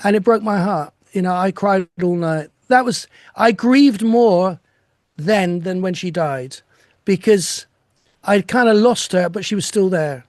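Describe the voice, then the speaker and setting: A man's voice: high-pitched, unhurried, a little mellow, no room sound, clean studio sound. An older man speaking reflectively over a video call from home as an interview guest, with laughs and restarts. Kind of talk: casual chat.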